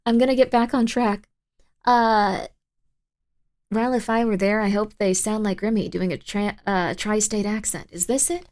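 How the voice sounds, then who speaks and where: A woman's voice: mid-range voice, fairly even intonation, a little slow, pauses often, a little mellow. A young woman hosting a live stream, chatting casually and reading viewer messages in a bubbly, rambling way full of fillers. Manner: bubbly and rambling, filler-heavy with frequent 'like'. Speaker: livestream host.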